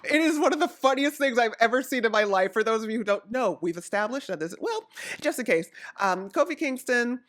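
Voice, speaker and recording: A woman from Jamaica chatting casually about wrestling, rambling and excitable as she jumps from topic to topic. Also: a little high, a little fast. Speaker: wrestling recap vlogger. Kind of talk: casual chat.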